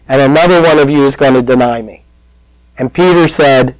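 A man preaching a sermon, telling the story with lively acted-out voices and asides to the congregation. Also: mid-range voice, a little fast, no room sound, low-quality recording. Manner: animated storytelling, acting out quoted voices. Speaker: pastor.

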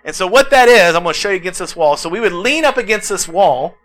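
A man preaching a sermon as a pastor, telling animated personal stories and acting out the people in them. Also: high voice, fast, low-quality recording. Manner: animated storytelling, acts out quotes.

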